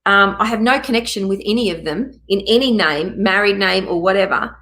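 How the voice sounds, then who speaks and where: A woman's voice: medium pitch, fairly quick, sharp tone, rough recording. A middle-aged woman telling her own story as a guest, emphatic and repeating key phrases for force. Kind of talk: personal testimony in a live chat.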